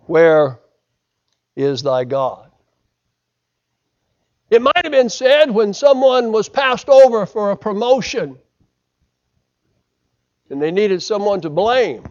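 Male preacher, from the United States, high voice, swings loud to hushed, muffled lo-fi recording. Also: animated, a little slow. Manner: dramatic swings from loud to hushed, acting out quotes. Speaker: pastor. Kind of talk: sermon.

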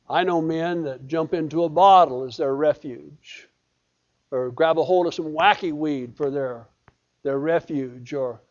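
A man's voice: a little high, unhurried, dull audio. A man preaching a sermon in a folksy, emphatic way, often repeating his phrases. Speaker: pastor.

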